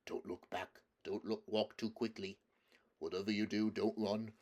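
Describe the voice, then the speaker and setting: Storybook creature: man doing a glum male marsh-wiggle, low, muttering, dour and wary. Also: flat delivery, moderate pace, darkish tone, natural voice. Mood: cautious. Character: gloomy, grumbling male marsh-wiggle, long-limbed and frog-handed. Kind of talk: audiobook character voice.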